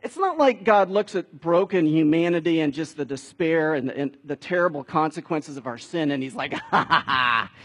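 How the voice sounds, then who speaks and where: A man's voice: on the high side, expressive, moderate pace, hardly any pauses. A man preaching a sermon in a conversational way, building to emphatic peaks. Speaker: pastor.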